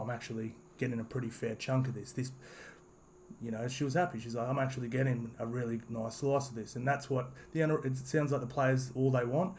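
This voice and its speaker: Aussie bloke rambling through his take on a sports topic, lots of "you know", average pitch, bit of faint noise behind. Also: darkish tone. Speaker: sports commentary vlogger. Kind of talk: casual opinion monologue.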